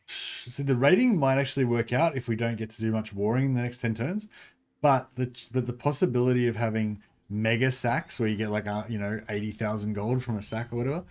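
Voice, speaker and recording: A man with an Australian accent chatting casually while streaming a game, speaking quietly and mumbling, tired and sore, into a desk microphone set behind his keyboard. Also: mid-range voice. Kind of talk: casual livestream chat. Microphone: desk-stand microphone behind keyboard.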